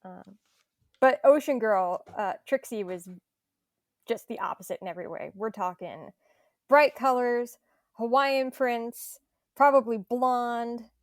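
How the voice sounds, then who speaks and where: A woman's voice: on the high side, slow, no room sound, studio quality. A woman from an audio drama cast talking through a character and asking a thoughtful interview question. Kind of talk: casual remote interview.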